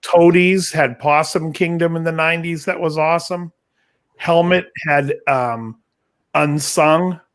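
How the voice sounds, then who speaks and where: A man's voice: fairly high pitch, fairly even intonation, unhurried, clean tone. A man chatting on a livestream, offhand, dropping old song references. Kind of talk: casual chat.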